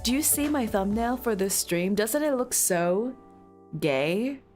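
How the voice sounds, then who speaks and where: A woman's voice: on the high side, expressive, slow, darkish tone, soft background music. A woman streamer chatting casually with her viewers, playful and giggly, breaking into squealing outbursts now and then.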